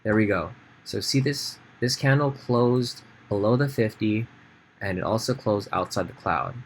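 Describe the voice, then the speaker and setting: Guy with a lowish voice doing a chill trading tutorial, lots of uh and um, slight background hiss. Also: unhurried. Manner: casual, thinks aloud with fillers and restarts. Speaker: trading educator. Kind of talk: screen-share trading tutorial.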